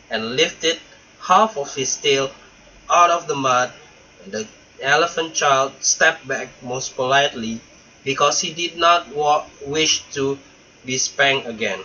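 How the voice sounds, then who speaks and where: Slow bright-voiced male storyteller. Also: mid-range voice. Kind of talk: storybook read-aloud. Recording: dull lo-fi recording.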